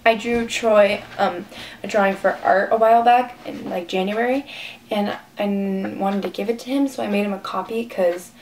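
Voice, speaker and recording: A woman's voice: medium pitch, fairly even intonation, normal speed, a little mellow, distant mic. A teenage girl vlogger gushes through a long storytime, her words tumbling out with constant "like" fillers. She sits a little back from the mic, and a faint hiss of room noise runs under her voice. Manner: gushing, rambling, many "like" fillers. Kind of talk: excited storytime vlog.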